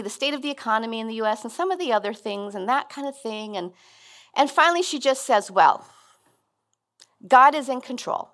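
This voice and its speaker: Middle-aged woman, guest preacher, a bit high-pitched, earnest and chatty. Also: a bit bright. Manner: conversational, earnest, with frequent restarts. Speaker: guest speaker. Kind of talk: sermon.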